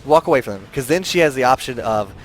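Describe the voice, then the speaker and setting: Excitable male esports play-by-play caster. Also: fast, slight background noise. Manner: excitable, rising pitch in big plays. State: tired. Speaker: esports commentator.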